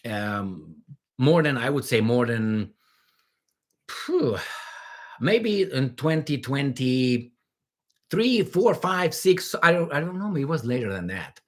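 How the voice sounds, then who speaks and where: A man's voice: medium pitch, animated, slow, long pauses. Rambling man hosting a livestream. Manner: rambling and joking, with many fillers and restarts. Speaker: livestream host. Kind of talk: casual livestream chat reading viewer comments.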